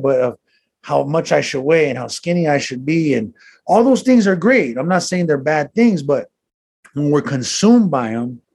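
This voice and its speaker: A man talking in a relaxed conversation, telling earnest personal stories with street slang and the odd swear word. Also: a little high, gravelly. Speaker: guest. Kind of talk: casual conversation.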